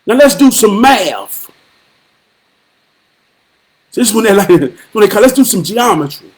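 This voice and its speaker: A man hosting a live stream, giving a profane, preachy monologue with rhythmic repetition and occasional shouted bursts. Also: high voice, big pitch swings, unhurried. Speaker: livestream host.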